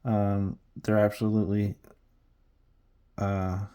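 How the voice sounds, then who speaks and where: A man with a low, warm voice rambles casually while he paints at his hobby desk. He is playful and chatty, often trailing off mid-thought before circling back. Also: monotone, slow, smooth. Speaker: hobby miniature painter, channel host.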